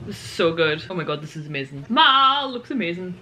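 A young woman vlogging at home in a rushed, gushing and excitable way. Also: on the low side, slight background noise. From United Kingdom. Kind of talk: casual vlog chat. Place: at home in a living room. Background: television audio.

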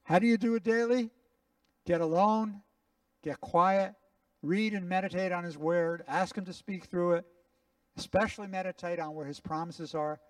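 A man's voice: sits high, fairly even intonation, normal speed, no room sound, far from the mic. A man, a rabbi, preaching and then leading his congregation in earnest prayer and responsive lines. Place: congregation sanctuary.

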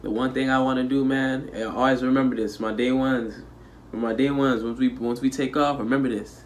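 Young man, from South Florida, casual slangy reaction commentary, mid-pitched voice. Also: steady tone, a little fast, slight background noise. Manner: loose slangy talk, frequent fillers. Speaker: reaction video host. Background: loud music playing.

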